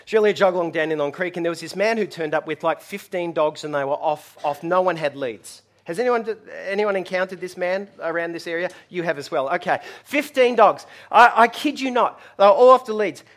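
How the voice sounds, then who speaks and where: A man's voice: high voice, a little fast, few pauses. A man preaching a sermon, telling stories animatedly and acting out voices. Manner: animated storytelling, acts out voices and shouts. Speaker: pastor.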